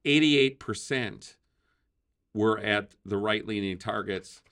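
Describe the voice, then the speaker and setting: A man's voice: lowish voice, slow pace, fairly bright tone, clean tone. A man hosting a casual political talk show, chatty, laughing often and using many fillers. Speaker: podcast host.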